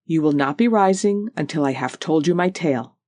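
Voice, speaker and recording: An audiobook narrator voicing a proud, tall old Highland widow with a Scottish Highland accent and a rich, powerful, lilting voice. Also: lively intonation, brisk, a little mellow, no echo, studio quality, natural voice. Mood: firm. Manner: stately, lilting, repeats "oh yes".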